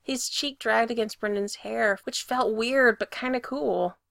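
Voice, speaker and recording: Woman reading a story out, bright voice, kinda high, super expressive, dry close mic. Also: unhurried, gravelly, no room sound. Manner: lively, expressive reading that swells when excited. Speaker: reader. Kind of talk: storytelling narration.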